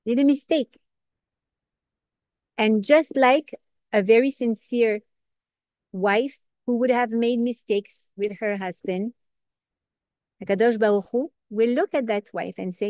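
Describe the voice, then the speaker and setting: A woman giving an informal Torah class, earnest and lively, asking questions and answering them herself. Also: fairly high pitch, a little slow, long pauses, no echo, clean studio sound. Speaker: Torah teacher.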